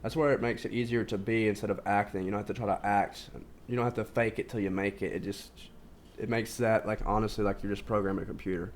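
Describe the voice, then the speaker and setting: A man with a somewhat low voice talks in a loose, casual monologue. He rambles, restarts his sentences and leans on fillers constantly. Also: fairly even intonation, quick pace, slight background noise. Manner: informal, says "like" constantly. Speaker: video host. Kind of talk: casual self-help monologue.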